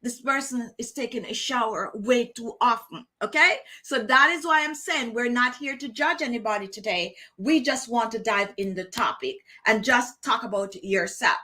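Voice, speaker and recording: Bright high-voiced woman hosting a chat. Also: normal speed, few pauses. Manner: chatty, repeats herself, laughs easily. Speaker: beauty channel host. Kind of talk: casual chat to viewers.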